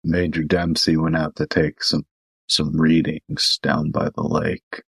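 Brief: deep-voiced male player, blunt, swears freely. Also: level tone, unhurried, vocal fry, slightly rough, dry recording. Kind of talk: tabletop role-play.

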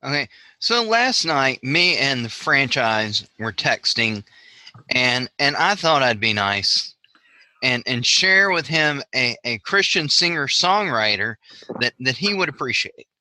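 A Southern man co-hosts a casual wrestling podcast, rambling and tripping over repeated words. His voice is very bright and forward. The recording is dry and close. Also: medium pitch, big pitch swings, a little slow, dry recording. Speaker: podcast co-host. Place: Pennsylvania.

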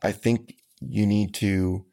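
A man's voice: on the low side, lively intonation, slow, mellow. A man, a country singer talking earnestly and unhurriedly as an interview guest. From Texas. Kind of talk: casual interview talk.

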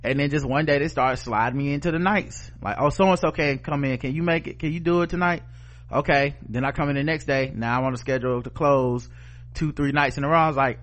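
A man's voice: mid-range voice, a little fast, a bit bright. A middle-aged man co-hosting a podcast, telling a story in casual chat with blunt, profane language and acted-out quotes. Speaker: podcast co-host.

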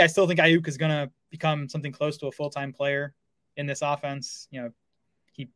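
A man's voice: fairly high pitch, fairly bright tone, dry recording. A man co-hosting a fantasy football podcast, chatting casually with lots of fillers and restarts. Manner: fast, filler-heavy talk with restarts. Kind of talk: casual sports analysis chat.

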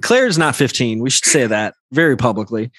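A man's voice: mid-range voice, big pitch swings, moderate pace, a bit bright, dry recording. A man co-hosting a casual podcast chat, teasing the others and giggling. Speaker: podcast co-host.

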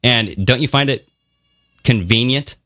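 A man's voice: mid-range voice, measured pace, sharp tone, no room sound, clean studio sound. A man co-hosting a podcast, talking casually and animatedly, swearing now and then and mocking others in funny voices. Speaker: podcast co-host. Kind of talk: casual conversational podcast talk.

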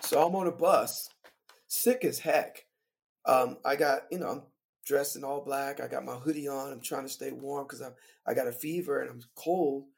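A man who plays in a band, telling a story from the road as a guest on a podcast, lively and laughing as he recounts it. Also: mid-range voice, normal speed, vocal fry. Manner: animated, vivid retelling with laughter. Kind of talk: casual storytelling.

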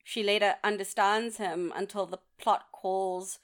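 A woman's voice: mid-range voice, steady tone, unhurried. Frank woman podcaster recapping a film. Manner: frank, recaps the plot plainly. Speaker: podcast co-host. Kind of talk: casual chat.

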